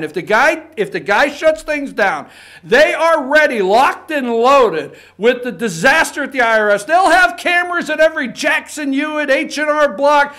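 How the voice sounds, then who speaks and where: A man's voice: very high voice, bright, forceful tone. A man hosting a political talk show, giving fired-up, rambling commentary and swearing for emphasis.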